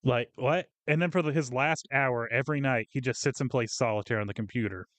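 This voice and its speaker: Male co-host, profane storyteller, middle pitch, dry close recording. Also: a little fast, a bit bright, no room sound. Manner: profane, ranting storyteller acting out coworkers. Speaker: podcast co-host. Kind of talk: casual venting chat.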